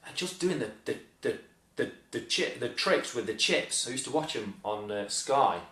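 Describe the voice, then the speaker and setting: Male co-host, mid pitch, friendly and chatty, roomy echo. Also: expressive, a bit bright. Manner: chatty, agreeable, quick to back the other speaker up. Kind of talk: casual chat. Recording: echoey room.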